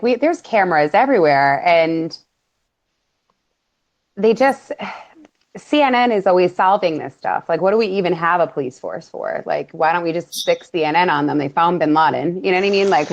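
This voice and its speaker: A woman's voice: fairly low pitch, moderate pace, muffled recording. A woman hosting a casual talk show, chatting with lots of fillers and laughs. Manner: animated, laughing, many fillers. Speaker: podcast host. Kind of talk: casual conspiracy chat.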